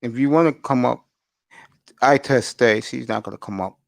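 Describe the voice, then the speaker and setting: A man's voice: medium pitch, normal speed, gravelly, no room sound. Male host, casual live chat, stammers and repeats himself; dry, no room.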